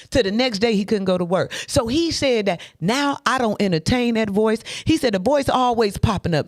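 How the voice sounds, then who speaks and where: A woman hosting a motivational faith talk, animated and preachy, speaking straight to her listeners. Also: fairly high pitch, normal speed, hardly any pauses, no echo, clean studio sound. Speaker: host.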